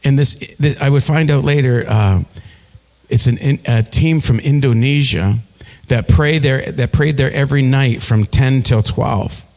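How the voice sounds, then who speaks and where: A man preaching a sermon, telling a story with halting repeats and leading the congregation in call-and-response. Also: mid-range voice, darkish tone, long reverb tail. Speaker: pastor.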